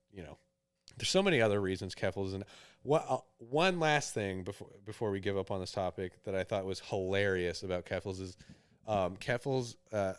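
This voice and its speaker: A man's voice: on the low side, clean tone, dry recording. A man co-hosting a podcast in casual chat, rambling and laughing through his lines on a close mic. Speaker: podcast co-host.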